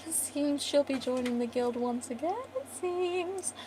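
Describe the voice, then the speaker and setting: A woman's voice: high-pitched, unhurried, background noise, voice pushed up. Woman doing a sly, mocking male villain.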